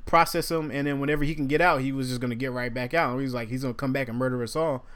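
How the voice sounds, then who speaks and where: A young man in casual podcast talk, telling a story with animated quoted voices. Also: mid-range voice, fast talker, clear, resonant tone. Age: young adult.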